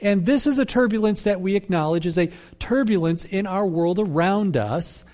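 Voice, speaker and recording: A man preaching a sermon as pastor, in a measured, reflective way that repeats phrases for emphasis. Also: sits high, a little mellow.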